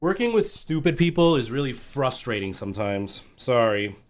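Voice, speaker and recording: A man's voice: mid-range voice, sing-song, moderate pace. A man live streaming and chatting casually to his viewers, ranting in exasperation as he talks straight to them over a headset mic.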